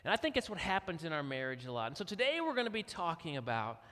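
A middle-aged man preaching with a bright, forceful voice, slightly higher than most men. He tells his story like a lively storyteller, and his words ring out with a long hall reverb. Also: fast. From Kentucky. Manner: animated storyteller acting out quotes. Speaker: guest speaker. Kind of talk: storytelling sermon.

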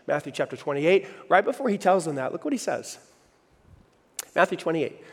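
A man preaching a sermon in a church hall, emphatic, swinging between loud and hushed lines and asking the audience questions. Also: on the high side, very animated, moderate pace, breathy edge. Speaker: pastor.

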